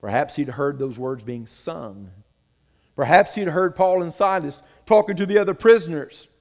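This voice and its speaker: A man's voice: on the high side, moderate pace, darkish tone, long reverb tail. A man preaching a sermon as pastor, earnest and conversational, asking the congregation questions.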